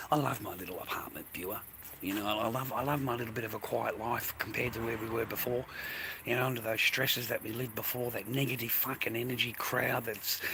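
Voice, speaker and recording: Older Aussie bloke, bright forceful voice, swears constantly, rants to camera. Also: male voice, mid-range voice, slight background noise. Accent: Australian. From Australia. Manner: profane, ranting, peppered with mate and man. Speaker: vlogger. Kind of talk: rambling casual monologue to camera.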